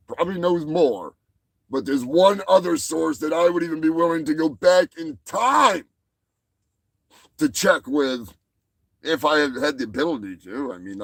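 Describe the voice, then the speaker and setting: A man's voice: fairly high pitch, measured pace, long pauses, dry recording. A man hosting a comedy show, delivering a rambling, crude monologue and stumbling over words. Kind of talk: profane comic monologue.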